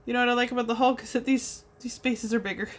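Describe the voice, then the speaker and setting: Brief: young woman, bubbly craft livestream host, a fairly high voice, chatty asides while she works. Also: fairly even intonation, fast. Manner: bubbly, chatty, talks to viewers while working. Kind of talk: casual chat while painting.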